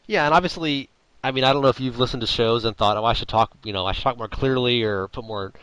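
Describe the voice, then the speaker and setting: A man in a casual podcast conversation, talking quickly and piling up rambling asides. His humor is dry and sarcastic, delivered deadpan. The recording is dry and close, with no room sound. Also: mid-range voice, clean tone, no room sound, poor audio. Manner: droll, sarcastic, deadpan wit. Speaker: podcast host. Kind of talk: casual chat.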